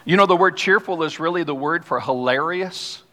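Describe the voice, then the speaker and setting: A man preaching a sermon as pastor, reading scripture aloud and slowing down to stress key words. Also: fairly high pitch, bright, forceful tone. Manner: reads scripture aloud, then explains it. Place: church sanctuary. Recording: long hall reverb.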